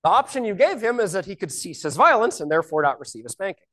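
A woman's voice: medium pitch, big pitch swings, quick pace, fairly bright tone. A woman teaching a Bible lesson, explaining scripture step by step and asking rhetorical questions.

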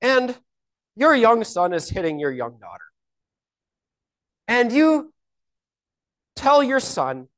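A woman's voice: on the high side, very animated, slow, long pauses. A woman teaching a Bible lesson, explaining scripture step by step and asking rhetorical questions.

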